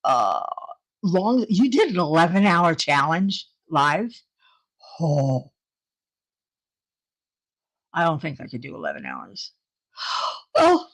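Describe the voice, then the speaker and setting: A woman's voice: low-pitched, very animated, slow pace, long pauses. A woman hosting a casual livestream, chatting with viewers, laughing often and reading out their comments. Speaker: livestream host.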